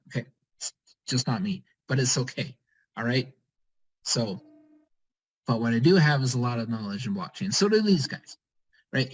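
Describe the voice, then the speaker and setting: A man leading a network-marketing team call fires off short, repetitive commands in an energetic pep talk meant to urge his listeners on. His pitch is fairly high, and the recording quality is low.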